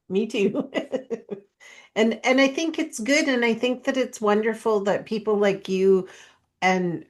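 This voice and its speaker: A woman hosting a podcast, affirming her guest in a halting way with many restarts. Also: on the low side. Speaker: podcast host. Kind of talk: casual chat.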